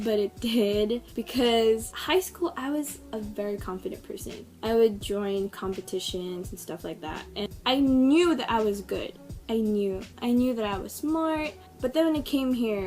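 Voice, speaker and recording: Chatty young woman from Brunei. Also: a little high. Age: 20s. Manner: chatty and frank, lots of "like". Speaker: vlogger. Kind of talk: candid personal vlog.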